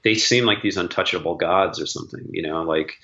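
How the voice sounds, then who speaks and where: Middle-aged guy gushing about gigs, lots of "like", lowish voice, muffled roomy audio. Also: a little fast, bright, forceful tone. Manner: enthusiastic storyteller, many fillers like "like". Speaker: session guitarist, guest. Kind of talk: casual interview chat.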